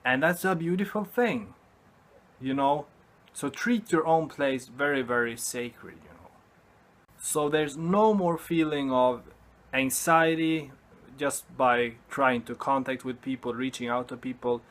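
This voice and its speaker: Man, very slow, mid-pitched, earnest, halting, repeats phrases. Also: a bit bright. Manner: earnest, halting, repeats himself and says "you know" often. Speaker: vlogger. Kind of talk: motivational vlog talk to camera.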